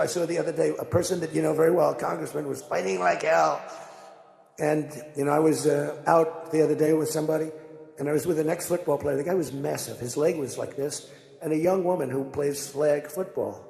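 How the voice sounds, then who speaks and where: An older man giving a rambling, conversational speech to a crowd, telling animated stories as he goes. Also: fairly high pitch, fairly quick, gravelly. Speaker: political speaker. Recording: echoey hall with long reverb.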